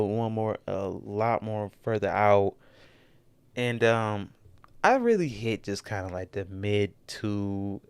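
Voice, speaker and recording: A man's voice: fairly low pitch, clean tone, dry recording. A man in a casual, rambling monologue. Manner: rambling, self-correcting, animated when retelling. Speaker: podcast host. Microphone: close studio mic in a dry room.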